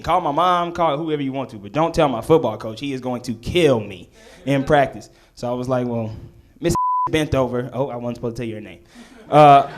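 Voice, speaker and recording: A young man doing live stand-up, telling a story, acting out voices and rising to near shouts. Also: medium pitch. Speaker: stand-up comedian.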